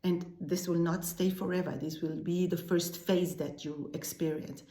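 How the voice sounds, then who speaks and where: A woman's voice: lowish voice, fairly even intonation, normal speed, dark tone. A woman teaching opera singing, explaining vocal technique in a patient way and often restarting words. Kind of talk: vocal lesson. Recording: echoey room.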